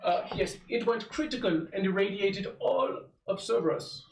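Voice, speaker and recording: A man with a high voice leads an in-character tabletop role-play, speaking formally and filling pauses with hesitations. He sits back from the microphone, and the room rings around him. A faint hiss sits under the recording. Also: echoey room, recorded from a distance, low-quality recording. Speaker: game master voicing a character.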